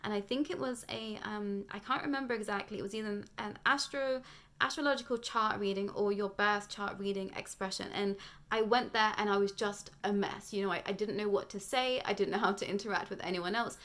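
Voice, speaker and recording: A woman's voice: medium pitch, brisk, a bit bright. A young British woman giving a rambling, earnest spiritual monologue on her channel, full of fillers and restarts.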